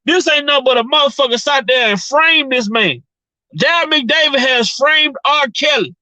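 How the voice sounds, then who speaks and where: Woman vlogger, high bright voice, dry close sound, profane and fired-up rant. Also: moderate pace, no echo, low-quality recording. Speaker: commentary vlogger. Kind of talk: heated opinion rant.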